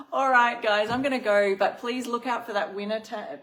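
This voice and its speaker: A woman's voice: fairly high pitch, a bit bright. Chatty Australian woman hosting a livestream. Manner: chatty, reads viewer comments aloud. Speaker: host of a craft livestream. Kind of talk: casual live-stream chat.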